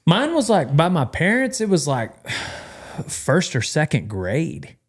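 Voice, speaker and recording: A man's voice: fairly high pitch, wildly swooping pitch, takes it slowly. A man hosting a casual podcast chat with friends, joking and laughing as he talks. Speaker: podcast host.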